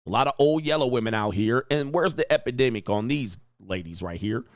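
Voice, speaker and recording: A man hosting a live stream, reading chat comments aloud and answering in brash, profane rants that climb loud and high, with bursts of laughter. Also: lively intonation, a little fast, no room sound, clean studio sound. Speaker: online talk show host reading chat.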